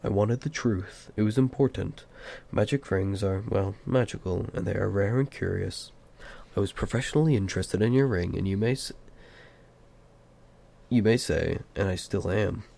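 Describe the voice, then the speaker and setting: A man voicing an old male wizard, grave and stern, speaking in a measured way in an amateur audiobook reading. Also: lowish voice, gravelly, dark tone.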